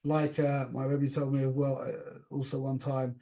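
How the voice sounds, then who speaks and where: A man teaching an informal class in a lively, conversational way, often restarting his sentences and sprinkling in Yiddish and Hebrew terms. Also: mid-range voice, moderate pace, creaky.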